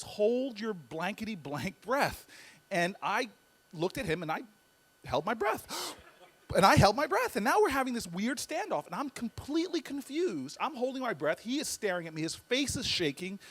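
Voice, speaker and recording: A man with a high, slightly fast voice gives a humorous storytelling speech as a guest speaker. He's animated, with sharp comic timing, and often repeats words as he builds toward a punchline.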